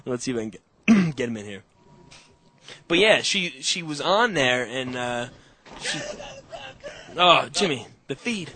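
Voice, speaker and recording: A young man hosting a podcast on a call, telling animated, profane stories in casual chat. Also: mid-range voice, a little slow, pauses often. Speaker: podcast host.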